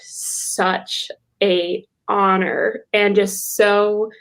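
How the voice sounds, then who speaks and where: Twenties woman, mid pitch, emotional and gushing, video call. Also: level tone, extremely slow, fairly bright tone, clean tone, rough recording. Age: 20s. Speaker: book co-author on a live call. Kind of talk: casual chat on a video call.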